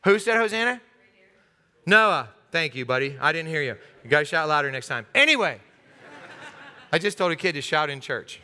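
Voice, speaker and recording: An American man preaching a lively interactive sermon in a church, acting out crowd voices and joking with the congregation. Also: on the high side, normal speed, long pauses. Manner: animated, acts out crowd voices, jokes with congregation. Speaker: pastor. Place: church sanctuary. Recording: long hall reverb.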